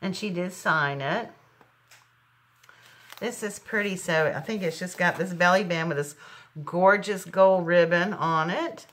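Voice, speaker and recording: A middle-aged woman with a drawl talks through a craft gift unboxing in a bright, forceful voice that sits a little low. She gushes and exclaims as she goes, chatty and warm toward her viewers. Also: measured pace. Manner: gushing, exclaims over each item. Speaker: crafting channel host. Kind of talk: casual unboxing chat.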